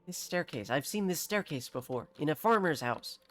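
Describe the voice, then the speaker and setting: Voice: mid-range voice, expressive, normal speed, a bit bright. A streamer casually commenting on a game and reading its text aloud, now and then swearing. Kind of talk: casual let's-play commentary.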